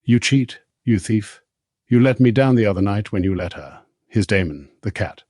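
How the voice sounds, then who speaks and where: Husky man doing an angry young woman, sharp and accusing, storybook reading. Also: on the low side, moderate pace, no room sound, studio quality, natural voice. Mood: furious.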